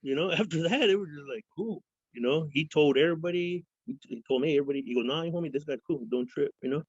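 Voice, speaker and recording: A man's voice: on the high side, fast, breathy edge, no room sound. Profane storytelling man from Fresno. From Fresno, California. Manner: profane, rambling, acts out quoted voices. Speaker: interview guest. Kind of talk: casual storytelling interview. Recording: dull lo-fi sound.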